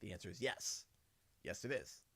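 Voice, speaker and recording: A man's voice: on the low side, normal speed, breathy edge, no room sound. A man in his thirties, a livestream host chatting casually and acting out family conversations in quotes. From Canada. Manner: animated storytelling, acts out his kids' and his own lines in quotes.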